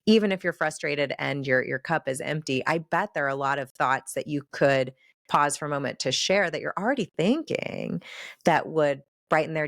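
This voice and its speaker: A woman with a low, deep speaking voice recorded close and dry, chatting as a podcast host. She reflects thoughtfully and gets animated when she voices inner thoughts. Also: gravelly, dry recording. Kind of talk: conversational podcast talk.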